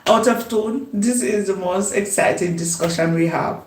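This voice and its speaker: A woman chatting at a slow, easy pace while she makes breakfast at home. She laughs often and talks herself up in a mid-range voice. The room around her sounds echoey. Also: mid-range voice, slight background noise. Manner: unhurried, laughs often, self-affirming. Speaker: vlogger. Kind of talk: casual chat while cooking. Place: home kitchen. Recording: roomy echo.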